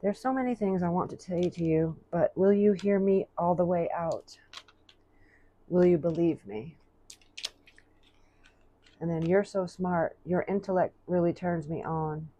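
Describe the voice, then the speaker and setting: A woman giving a casual tarot reading, chatty and thinking aloud as she reads out card messages slowly. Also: fairly low pitch, dark tone, lo-fi sound, a little hiss or hum. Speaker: tarot reader.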